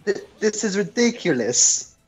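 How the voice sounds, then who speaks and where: A man's voice: high-pitched, sing-song, a little slow, soft background music, pitched above the performer's own voice, poor audio. A man putting on the voice of an irritated, confused driver as an impression of a celebrity. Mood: indignant.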